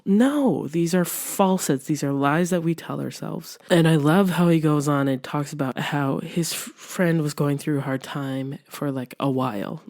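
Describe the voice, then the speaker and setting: A woman's voice: deep voice, moderate pace, hardly any pauses, darkish tone. A young woman hosting a podcast, giving an earnest, encouraging self-help talk in a conversational way. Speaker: podcast host.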